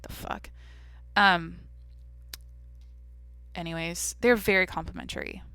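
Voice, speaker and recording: A woman's voice: lowish voice, steady tone, slow, vocal fry, bright, forceful tone, clean tone, no room sound. A young woman hosting a daily podcast alone, talking in a brash, blunt, profane, casual way. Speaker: podcast host. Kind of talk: casual solo podcast chat.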